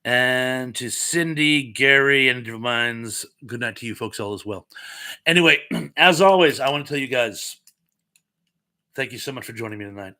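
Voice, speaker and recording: Man, live stream host, casual chat, slightly scratchy voice, bright tone. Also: mid-range voice, normal speed. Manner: chatty, reads chat messages aloud, frequent ums. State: voice getting scratchy from pollen. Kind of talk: casual live chat reading viewer comments.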